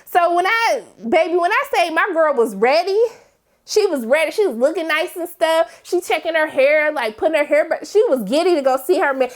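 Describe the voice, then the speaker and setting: High-pitched sassy woman recapping TV. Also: lively intonation, moderate pace. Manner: sassy, chatty, addresses viewers as y'all. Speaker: TV recap host. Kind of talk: casual TV recap commentary.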